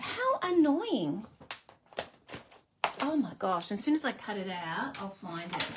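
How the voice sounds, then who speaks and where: This crafting host runs a casual live demo, making cards while chatting to viewers and poking fun at herself. She speaks in a lowish voice, and the recording is very noisy.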